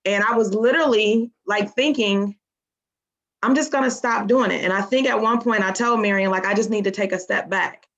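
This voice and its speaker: A woman's voice: mid-range voice, fairly even intonation, brisk, hardly any pauses, fairly bright tone. A woman team member sharing a personal testimony on a group call, earnest and close to tears. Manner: earnest, emotional. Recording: dull lo-fi sound.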